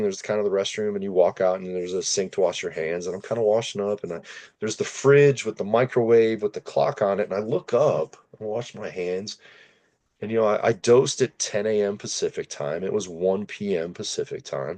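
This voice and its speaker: Male podcast host, slightly low voice, animated storyteller, casual and candid. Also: moderate pace. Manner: animated, self-deprecating storyteller.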